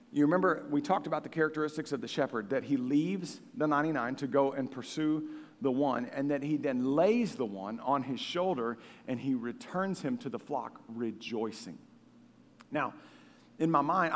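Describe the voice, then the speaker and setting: A man preaching a sermon with passion, swinging from hushed tones to booming. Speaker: pastor. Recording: long reverb of a large hall.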